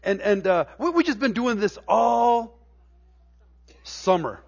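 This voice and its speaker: A man's voice: sits high, very animated, slow, vocal fry, lo-fi sound. A middle-aged man preaching a sermon in a church, telling homey stories with stammered restarts and building to emphatic preaching. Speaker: pastor. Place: church sanctuary.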